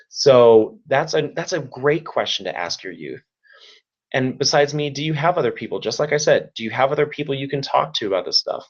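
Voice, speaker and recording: A man's voice: mid-range voice, sing-song, brisk, vocal fry, muffled recording. Earnest man presenting a webinar. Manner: earnest, repetitive, gives practical tips. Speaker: youth service provider.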